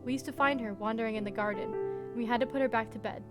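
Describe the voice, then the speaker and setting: A woman voicing a kindly, superstitious older housekeeper in a game she reads aloud, with a gentle, reassuring manner. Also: on the high side, fairly even intonation, fast, close to an everyday voice. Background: background music.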